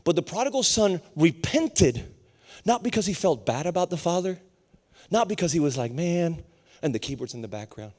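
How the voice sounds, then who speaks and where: A young adult male preacher tells a story from the pulpit, animated and full of acted voices. His voice sits high for a man and swings between quick bursts and hushed moments. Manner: animated, acts out voices of others. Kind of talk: storytelling sermon.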